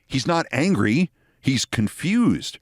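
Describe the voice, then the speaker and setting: A man's voice: mid-range voice, takes it slowly, dry recording, clean studio sound. A man hosting a show, telling a long personal anecdote and acting out the voices of the people in it. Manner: animated anecdote with acted quotes. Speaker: host. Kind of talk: storytelling monologue.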